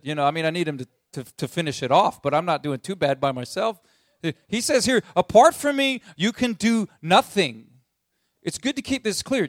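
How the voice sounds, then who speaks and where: A man preaching with a slightly higher voice than most men. He talks like he's chatting with friends, stumbling over restarts and fillers, then leans hard on his key points. The recording is dry and close, with almost no room sound. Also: no echo. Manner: conversational, emphatic, with frequent fillers and restarts. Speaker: pastor. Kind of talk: sermon.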